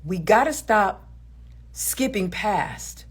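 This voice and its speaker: Woman, husky voice, animated pitch, emphatic and preachy, opinionated video commentary. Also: slow. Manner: emphatic and preachy, repeats words for stress. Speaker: relationship commentator.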